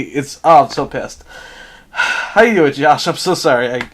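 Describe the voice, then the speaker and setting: High pitched guy on a stream, swearing nonstop, exasperated rants. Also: moderate pace, a bit bright. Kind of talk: casual watch-along chat. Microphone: headset or desk mic with earphones.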